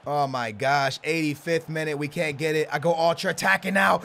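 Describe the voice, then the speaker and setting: A young man commentating his own football video game, muttering plans quietly, then shouting in outbursts. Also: fairly high pitch, moderate pace, vocal fry, hardly any pauses, faint music behind. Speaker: gaming YouTuber. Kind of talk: excited gameplay commentary.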